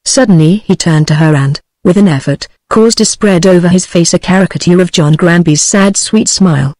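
A synthetic British female voice narrating an audiobook in an even, mechanical way. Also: on the low side, moderate pace, few pauses, dry recording. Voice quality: even, mechanical text-to-speech delivery.

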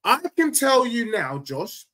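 A man's voice: extremely high pitch, slow. A young man, co-hosting a casual football debate, emphatic and ranting as a fan. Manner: animated, emphatic, ranting with rising outbursts. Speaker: football podcast co-host, fan.

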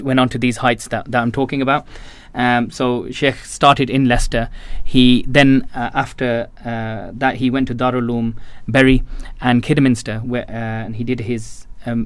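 A man's voice: mid-range voice, clear, resonant tone, no room sound. Hesitant British-raised male podcast host. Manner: hesitant, many fillers and restarts. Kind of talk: podcast interview introduction. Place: Birmingham.

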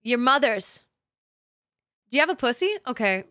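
A woman's voice: fairly high pitch, big pitch swings, moderate pace, long pauses, sharp tone. A young woman streamer chatting casually with her chat, crude and teasing, laughing often. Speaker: VTuber streamer.

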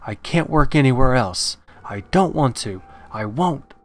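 A man voicing a quick-tempered, defiant male novelist who snaps indignantly in a read-aloud horror story. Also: medium pitch, expressive, pitched above the performer's own voice, natural voice. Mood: snapping. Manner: snappish, indignant.

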